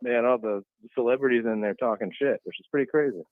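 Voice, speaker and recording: Male co-host on call, easygoing hedger, mid pitch, tinny phone-line sound. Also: quick pace, dry recording. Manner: easygoing, hedging with "I don't know". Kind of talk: casual chat.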